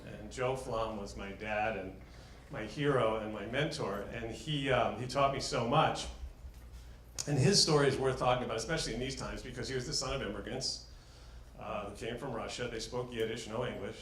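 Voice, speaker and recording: A man's voice: medium pitch, moderate pace, a bit bright, a little hiss or hum. Chatty man telling stories in a roomy hall. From New York. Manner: chatty, self-deprecating humor. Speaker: talk speaker. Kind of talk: personal storytelling talk. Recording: roomy echo.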